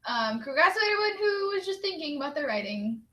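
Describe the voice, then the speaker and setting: Cheerful young woman co-host, high and bright voice, reads quotes aloud. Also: sing-song, fast talker. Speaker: write-in co-host. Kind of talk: casual livestream chat.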